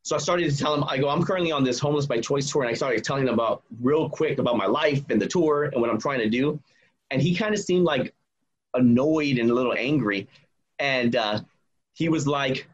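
A man with a husky, slightly breathy voice tells a personal story in a casual, animated way. He slips into each person's lines as he quotes them. The recording sounds a little dull and lo-fi. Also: medium pitch, brisk. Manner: animated, acts out quoted dialogue. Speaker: guest telling a personal story.

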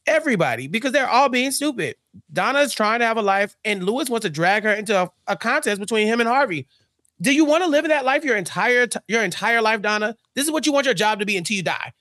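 A man's voice: high-pitched, expressive, fast, pushed and bright, no room sound, studio quality. A man co-hosting a podcast, chatting casually and animatedly, acting out characters' lines as he recaps a TV episode. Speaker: podcast co-host.

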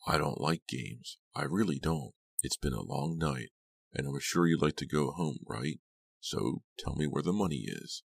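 A man voicing a cold, menacing middle-aged gunman who speaks softly and dryly in an audiobook. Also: a bass voice, normal speed, creaky, no echo, exaggerated voice. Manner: soft, flat, dryly threatening. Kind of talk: audiobook character reading.

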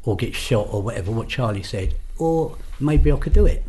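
Older man, London accent, podcast guest, casual storytelling, animated, mid pitch. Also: normal speed. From England. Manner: animated, acts out quoted voices.

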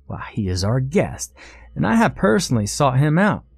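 A man voicing a formal, measured male servant of a sinister king, speaking in a pompous, courtly way. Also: medium pitch, big pitch swings, vocal fry, breathy edge, no room sound, studio quality, voice pushed up, heavily acted. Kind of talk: storytelling.

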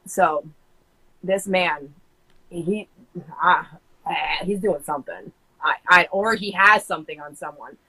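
A woman's voice: lowish voice, fairly bright tone, poor audio. Frank rambling American woman. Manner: rambling, frank, many fillers and restarts. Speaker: podcast guest. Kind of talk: casual chat.

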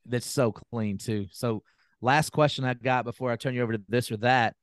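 A man's voice: medium pitch, steady tone, moderate pace, clear, resonant tone, no echo, studio quality. Folksy, enthusiastic male interviewer. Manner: enthusiastic, folksy, rambling questions. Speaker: podcast host. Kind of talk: casual interview questions.

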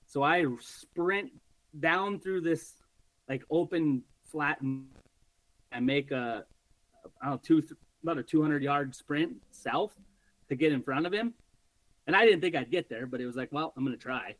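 A man guesting on a podcast, telling a hunting story in an animated, casual way and swearing freely. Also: on the high side, moderate pace, no room sound, rough recording.

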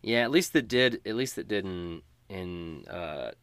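A man runs a tabletop game, narrating in a relaxed, casual way. His voice sits low. The recording is close and dry. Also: unhurried, clean tone, dry recording. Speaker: game master.

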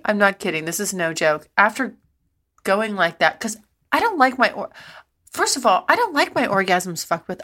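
With a medium-pitched voice, big pitch swings, and a sharp tone, a middle-aged woman talks at normal speed on her podcast. She tells candid personal stories in a breathless, rambling style, often breaking into laughter.

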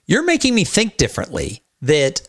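A man's voice: on the high side, huge pitch swings, moderate pace, a bit bright, slightly rough. A man hosting a podcast, chatting casually and thinking aloud with a self-deprecating touch. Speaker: podcast host. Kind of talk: casual interview chat.

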